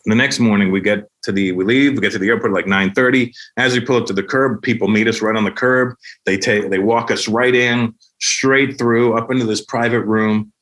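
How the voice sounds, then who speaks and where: Animated, profane male comic storyteller. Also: fairly low pitch, fairly quick, hardly any pauses. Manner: animated, profane, acts out the dialogue. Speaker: comedian guest.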